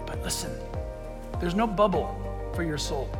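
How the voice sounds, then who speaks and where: High-voiced sarcastic preaching man. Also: lively intonation, unhurried, big-room sound, over music. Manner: sarcastic rhetorical questioning, rising to forceful emphasis. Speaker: pastor. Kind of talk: sermon.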